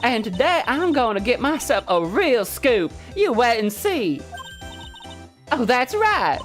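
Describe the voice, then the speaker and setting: A woman's voice: fairly high pitch, takes it slowly, faint music behind, pitched above the performer's own voice. A woman doing a folksy Southern photographer lady. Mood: eager. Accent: put-on Southern US. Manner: folksy, excitable, drawling. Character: brash loud woman paranormal photographer.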